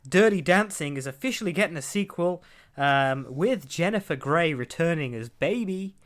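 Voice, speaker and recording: A young man's fairly bright, rather high voice moves at a moderate pace with lively intonation. Hosting a podcast, he chats his way through entertainment news, rambling, laughing often, and acting out quotes.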